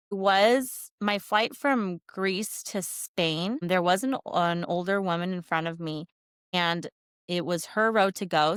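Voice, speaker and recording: A woman, a company founder chatting as a guest and telling lively travel anecdotes with frequent laughs. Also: on the low side, clean tone, no room sound, studio quality. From United States. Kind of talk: casual interview chat.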